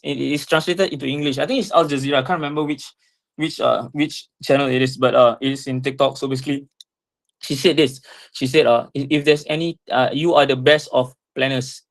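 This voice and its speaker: Tearful, swearing man talking passionately. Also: on the high side. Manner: halting restarts, heavy swearing, impassioned. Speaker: speaker talking with an AI assistant. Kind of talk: emotional personal monologue.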